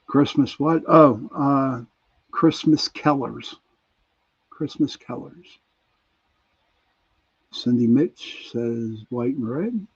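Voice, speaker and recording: A man with a Pittsburgh accent hosts a casual radio chat show, chuckling as he reads out listener answers in an easygoing way. His medium-pitched voice has a breathy edge, and the sound is dull and lo-fi.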